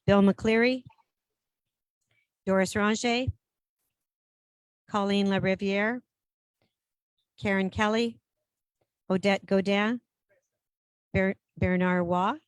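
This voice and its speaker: A woman chairing a regional council meeting in a brisk, procedural way, switching between English and French. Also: medium pitch, fairly even intonation, clean tone, no echo. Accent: Canadian French-English bilingual.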